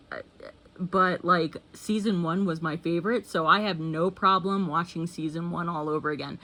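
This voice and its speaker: A woman's voice: lowish voice, a bit bright. A young woman chatting casually to camera at home as a vlogger, rambling with many fillers and self-corrections.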